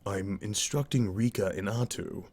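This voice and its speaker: A calm old tribal elder from a storybook, read aloud by a man. His words come slow and measured in a low voice, like a teacher giving a lesson.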